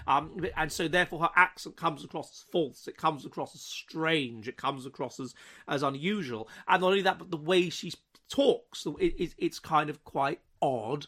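Bright-voiced man lecturing with many restarts. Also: fairly high pitch, normal speed. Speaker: commentator. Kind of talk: vlog commentary monologue.

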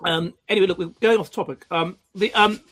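A man's voice: high-pitched, steady tone, brisk, fairly bright tone. A man co-hosting a casual chat, rambling through anecdotes that keep trailing off.

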